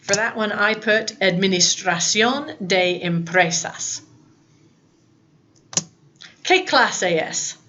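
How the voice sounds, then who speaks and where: A woman's voice: medium pitch, slow pace, long pauses, sharp tone, dull audio, slight background noise. A woman teaching a recorded lesson to her students in a patient, explaining way. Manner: patient, talks to students, mixes English and Spanish prompts. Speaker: Spanish teacher.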